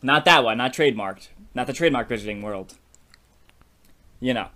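A young man co-hosting a podcast, telling a silly story idea in an animated, playful way. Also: medium pitch, moderate pace. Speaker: podcast co-host. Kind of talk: casual brainstorming chat.

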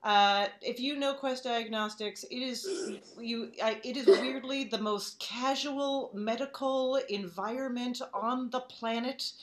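A woman hosting a live storytelling event, halting with many "um"s, then turning wry and comic. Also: fairly high pitch, fairly even intonation. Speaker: host.

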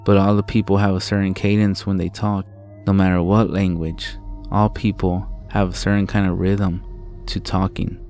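A man narrating a first-person horror story in a slow, deliberate, profane way. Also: sits low, darkish tone.

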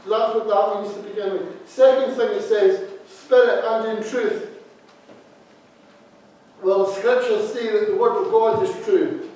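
A man preaching with a high voice, set back from the microphone. His words ring through a very echoey church hall, and he repeats key phrases with emphasis. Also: fairly even intonation, unhurried, warm tone. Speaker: associate minister. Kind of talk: sermon. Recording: very echoey hall, speaker far from mic.

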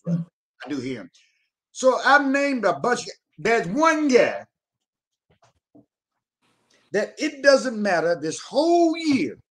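A man's voice: sits high, a bit bright. A man, a guest telling boastful, profane stories in casual chat. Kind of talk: casual chat about CB radio.

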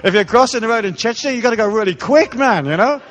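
A man's voice: extremely high pitch, lively intonation, quick pace, fairly bright tone, a faint crowd, slight background noise. A man giving a live spiritual lecture, irreverent, joking and profane. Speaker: spiritual speaker.

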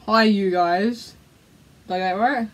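A woman co-hosting a casual video chat, guessing phrases with frequent laughs and unsure trailing remarks, her voice going a bit hoarse. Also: medium pitch, measured pace. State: losing her voice. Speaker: co-host.

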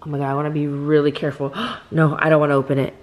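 A woman's voice: low-pitched, racing, slight background noise. A young woman vlogging casually, rambling and emotional, full of fillers and restarts. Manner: gushing and gasping with excitement. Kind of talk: casual vlog chat.

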